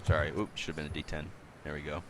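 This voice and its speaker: A man's voice: a bass voice, little pitch movement, rapid-fire, fairly bright tone, a little hiss or hum. A man running a tabletop game as game master, loose and joking, laughing often.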